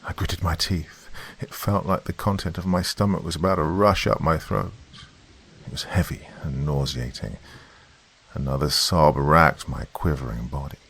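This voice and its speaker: Very deep gravelly male horror narrator. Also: steady tone, moderate pace, fairly bright tone. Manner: tense, dramatic storytelling. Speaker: horror podcast host and narrator. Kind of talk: first-person horror story narration.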